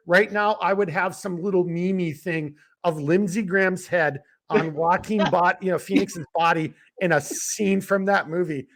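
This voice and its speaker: A man co-hosting a podcast in casual political chat, animated and emphatic, his voice jumping up when he gets excited. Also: sits high. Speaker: podcast co-host.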